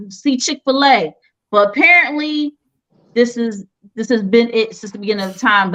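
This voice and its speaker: Quiz host, female, playful and teasing, higher voice, unhurried, lo-fi audio. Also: fairly bright tone. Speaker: game show host. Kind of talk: casual quiz hosting.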